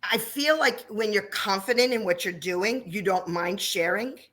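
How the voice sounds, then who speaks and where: A woman's voice: mid-range voice, normal speed, a bit bright. A woman in her fifties from New Jersey, a dance studio owner chatting in an interview and telling stories with frequent laughs. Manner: chatty, laughs often, storytelling. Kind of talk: casual interview chat.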